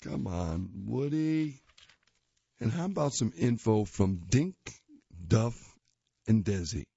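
A man's voice: fairly low pitch, animated, takes it slowly, vocal fry, warm tone, husky, no echo, lo-fi sound. A man reading children's comic strips aloud in a playful, jokey way, doing voices for the characters.

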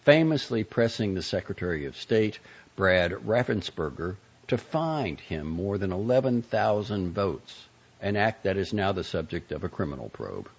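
A man reads aloud in a low, slightly husky voice, his measured narration rising and falling with plenty of melodic movement. The recording sounds dull and lo-fi. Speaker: reader of magazine pieces. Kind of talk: scripted narration of fiction and an essay.

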